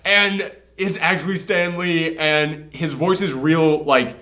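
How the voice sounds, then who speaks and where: A man hosting a casual movie reaction chat, animated, laughing and acting out scenes. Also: a little high, takes it slowly. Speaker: host.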